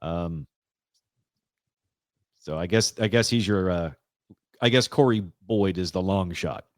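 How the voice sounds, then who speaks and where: A man's voice: sits low, slow, a little mellow, no room sound, studio quality. A man co-hosting a casual podcast, reading news items aloud and laughing often. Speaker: podcast co-host.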